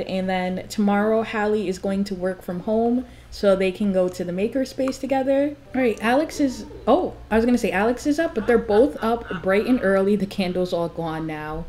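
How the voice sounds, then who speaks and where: A young woman casually commenting on a life-sim game, gushing and excitable, with big high swoops when she gets thrilled. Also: slight background noise. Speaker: gameplay commentator.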